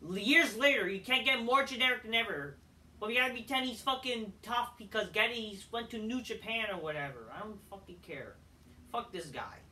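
A man's voice: high-pitched, expressive, fairly quick, pushed and bright, far from the mic. Heated, profane ranting man. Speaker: wrestling show reviewer. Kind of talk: angry profane rant review.

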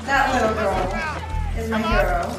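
High-voiced woman reacting in an echoey room. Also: normal speed, over loud music, a loud crowd. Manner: emotional, anxious, swears often. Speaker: YouTube reactor. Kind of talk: live reaction commentary. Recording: echoey room, mic far off. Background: loud show soundtrack playing.

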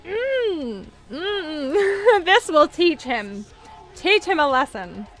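A young woman commenting on her own gameplay, giggling, squealing and reacting excitedly. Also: high voice, extremely slow, soft background music. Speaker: gameplay video host.

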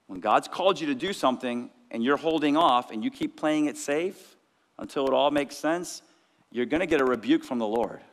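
Energetic preacher in an echoing hall. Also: male voice, medium pitch, moderate pace. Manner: energetic preaching, acts out disciples' cries. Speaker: pastor. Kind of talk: sermon. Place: church sanctuary. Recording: long church hall reverb.

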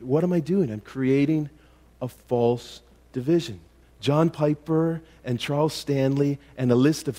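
A man's voice: mid-range voice, a little mellow. Man preaching an emphatic sermon. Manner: rises to emphatic rhetorical questions, with fillers and restarts. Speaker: pastor. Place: church.

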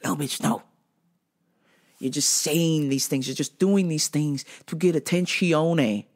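Her voice is low and she takes her time, delivering a profane, ranting monologue on her own podcast. The casual storytelling is full of energy.

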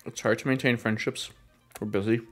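A podcast host chatting casually on a live stream, relaxed and supportive with brief replies, eating while talking. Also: mid-range voice, fairly quick, faint music behind.

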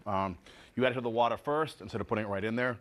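A man's voice: fairly low pitch, racing, fairly bright tone. A man hosting a casual home cooking show, chatting to viewers as he tastes and cooks. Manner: chatty, tasting food and talking to viewers as folks.

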